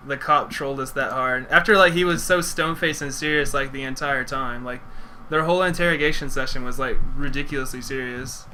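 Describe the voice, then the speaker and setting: A man's voice: medium pitch, bright, forceful tone, a little hiss or hum, low-quality recording. A young man streamer casually telling a story, rambling with lots of "like" fillers and swearing.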